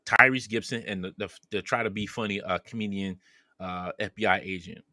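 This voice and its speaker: A man's voice: fairly low pitch, steady tone, a little fast, sharp tone, dry recording. A man casually retelling a movie plot as a podcast co-host, acting out the characters' lines as he goes.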